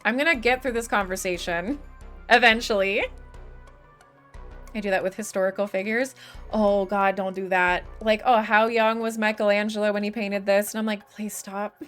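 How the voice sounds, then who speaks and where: A woman's voice: mid-range voice, fairly even intonation, moderate pace, a bit bright, soft background music. A young woman streamer chatting casually with her live chat, swearing and laughing often, her voice starting to give out. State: losing her voice.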